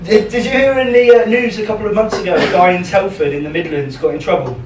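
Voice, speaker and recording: A man's voice: high voice, fast. A young man doing a live stand-up set in a small pub comedy club, chatty and self-deprecating, rambling with lots of ums. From England. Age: young adult. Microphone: handheld stage microphone. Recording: roomy club sound, distant mic, audience noise.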